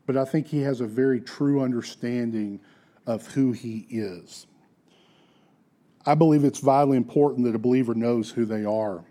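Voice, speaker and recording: A man's voice: medium pitch, warm tone. A man preaching a sermon in an earnest, emphatic way, with restarts and casual asides.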